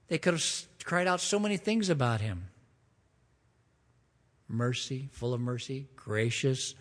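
A man preaching a sermon, leading a prayer and reading scripture in an earnest, emphatic way, slowing down to stress key phrases. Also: mid-range voice, long reverb tail. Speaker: pastor.

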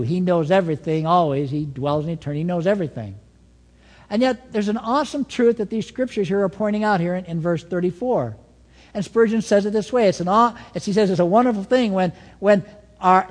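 A man preaching a sermon as pastor, telling stories with an animated delivery that swings between soft asides and emphatic points. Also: high-pitched, in a large hall.

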